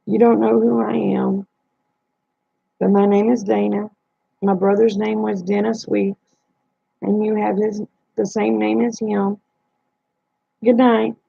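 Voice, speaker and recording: A woman's voice: mid-range voice, flat delivery, slow, vocal fry, pauses often, mellow, slightly rough, no echo. A woman hosting a livestream, telling a personal story in a plain-spoken way and retelling the dialogue. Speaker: livestream host. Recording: dull lo-fi dry sound.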